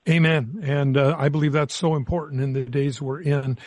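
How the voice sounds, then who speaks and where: A man's voice: on the high side, steady tone, normal speed, darkish tone, dry recording. A man hosting a Christian radio call-in show, greeting callers in a folksy way and calling them dear.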